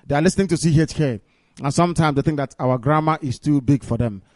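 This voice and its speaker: A man's voice: on the high side, quick pace, darkish tone, dry recording, clean studio sound. A man hosting a live radio call-in meeting, politely thanking callers and urging them to speak English.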